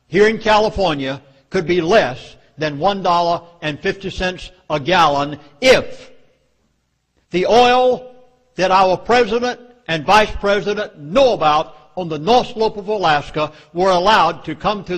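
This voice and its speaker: A man's voice: sits high, measured pace, a bit bright. A man with a Southern US accent giving an emphatic speech to a live audience, with dramatic warnings. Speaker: public speaker.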